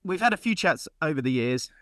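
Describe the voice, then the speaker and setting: A man's voice: a little high, lively intonation, brisk, a bit bright, no echo, studio quality. A man hosting a podcast in a chatty, upbeat way, out of breath from running up and down stairs. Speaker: podcast host. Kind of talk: casual chat.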